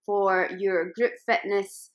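A woman's voice: mid-range voice, fairly even intonation, takes it slowly. A woman co-presenting a podcast in casual, conversational chat.

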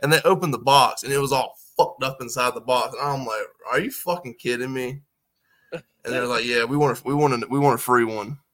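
Podcast guest, male, bright tense voice, swears while telling a story. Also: medium pitch, steady tone. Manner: slow, profane storytelling. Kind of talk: casual chat.

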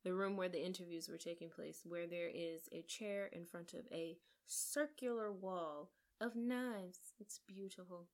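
A woman co-hosting a podcast, eagerly retelling a film plot in casual chat with quick asides. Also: lowish voice, fairly even intonation. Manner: enthusiastic, gushing storyteller with quick asides. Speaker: podcast co-host. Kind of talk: casual movie recap.

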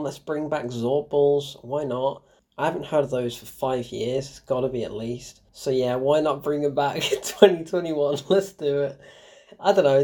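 A young adult film reviewer rambling through an opinion in an offhand, chatty way. The talk wanders through sarcastic asides, fillers and restarts. The voice sits at an everyday middle pitch. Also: darkish tone. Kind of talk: casual spoken film review.

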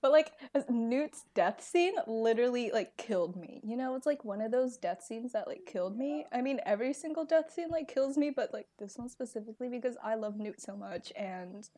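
A woman's voice: fairly high pitch, lively intonation, moderate pace, hardly any pauses, dark tone. A young American woman in casual chat about books, gushing with lots of fillers. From United States. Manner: gushing, many fillers and laughs.

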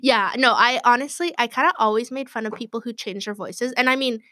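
Bright-voiced giggly young woman. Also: a little high, a little fast, a little hiss or hum. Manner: giggly, chatty, fills with "like". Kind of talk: casual chat.

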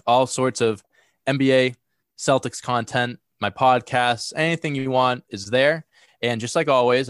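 A young man hosts a casual sports podcast in a medium-pitched, slightly bright voice, recorded clean in a studio without echo. He's a bit congested from a cold but talks energetically, with lots of fillers and restarts.

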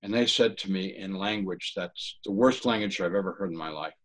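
A man giving an earnest personal testimony in an interview, talking haltingly with frequent restarts. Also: deep voice, fairly bright tone, poor audio. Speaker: interview guest.

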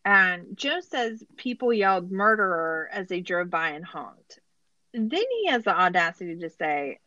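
A woman's voice: fairly low pitch, big pitch swings, measured pace, sharp tone, dry recording, lo-fi sound. A woman hosting a casual podcast, recapping a show in a laughing, incredulous way, with lots of "like". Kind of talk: casual chat.

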